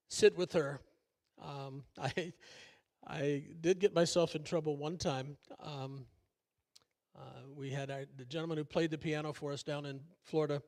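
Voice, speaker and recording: An older man preaches as a church pastor, with a voice that sits a little higher than most men's. He talks in a folksy, conversational way, full of fillers and joking asides at his own expense. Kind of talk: sermon. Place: church sanctuary.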